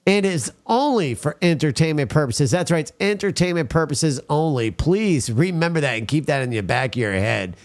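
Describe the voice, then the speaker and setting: A man's voice: fairly high pitch, big pitch swings, moderate pace, hardly any pauses. A man hosting a talk show, ranting bluntly and crudely and often calling out to his listeners as folks. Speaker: podcast host. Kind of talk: casual talk show banter and rant.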